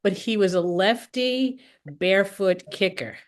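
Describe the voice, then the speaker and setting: A woman's voice: mid-range voice, measured pace. A woman hosting an interview, chatting casually with many fillers and easy laughter. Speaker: podcast host.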